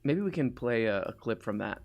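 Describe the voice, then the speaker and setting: Male host, 30s, live-stream chat; rambly, restarts a lot, middle pitch, light music bed. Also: animated, a little fast, a little mellow. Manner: rambling, frequent restarts, reads chat aloud.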